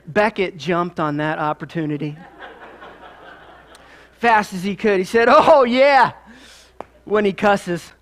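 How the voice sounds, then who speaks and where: High-voiced pastor with a Midwestern accent. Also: male voice, a little slow, long pauses, fairly bright tone. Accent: Midwestern American. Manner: conversational, storytelling with asides. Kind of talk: sermon.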